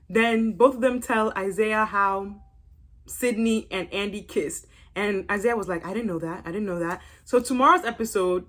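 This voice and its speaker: Animated gossipy woman vlogger, higher voice. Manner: gossipy, animated, exclaiming with quick asides. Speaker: YouTube reality-TV reviewer. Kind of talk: casual review vlog.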